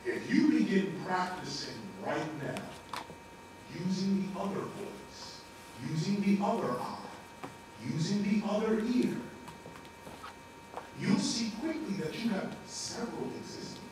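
Male spiritual teacher, high lively voice, slow deliberate delivery, preachy slangy talk; far from the mic. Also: heavy reverb, noisy background. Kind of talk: spiritual lecture.

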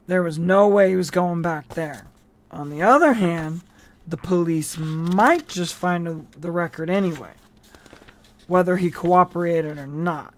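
An audiobook reader narrating a novel with casual asides and small restarts. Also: medium pitch. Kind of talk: storybook narration.

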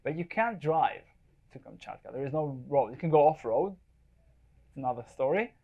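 A man's voice: medium pitch, animated, normal speed, creaky, phone-quality sound. Chatty male photographer giving a talk. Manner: chatty, jokey, checks in with the audience. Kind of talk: live presentation with slides. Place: event space before a live audience.

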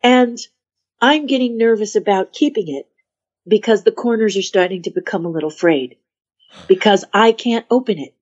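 A woman's voice: mid-range voice, normal speed, a little mellow. A woman telling a story as a podcast guest, dramatic and acting out the voices of the people in it. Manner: dramatic, acts out voices and whispers in her anecdotes. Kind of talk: animated storytelling in a podcast interview. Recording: dull lo-fi sound.

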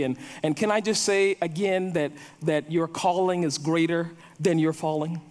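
Male pastor, sermon, storytelling delivery with repeated words, high voice, echoey hall. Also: steady tone, a little slow, few pauses. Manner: storytelling, repeats words when building a point.

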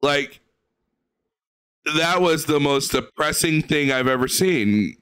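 A man's voice: fairly high pitch, lively intonation, slow, fairly bright tone, clear, resonant tone. A man hosting a reaction video, ranting and mocking the gameplay he watches with profane sarcasm. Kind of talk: mocking commentary over gameplay.

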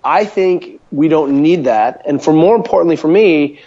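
Male guest on a muffled call line, animated and rambling, fairly high voice. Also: normal speed. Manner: animated storyteller, many fillers. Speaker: guest, mobility coach. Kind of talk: casual interview by phone call. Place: home kitchen, standing at counter. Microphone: phone or call line. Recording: dull lo-fi call audio.

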